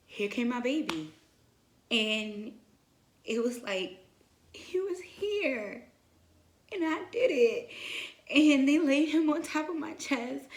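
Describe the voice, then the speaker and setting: Animated young woman in a roomy echo. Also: a little high. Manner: animated, quotes herself in lively asides. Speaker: vlogger. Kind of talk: casual storytelling.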